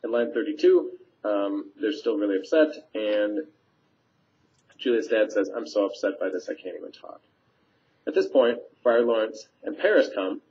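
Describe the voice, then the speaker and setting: A teacher talks students through a play scene in a relaxed, conversational way. His man's voice sits on the low side. The recording is dull and lo-fi, as from a webcam microphone. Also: moderate pace. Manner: conversational, paraphrasing lines with fillers. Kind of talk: casual scene summary for students. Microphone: webcam mic.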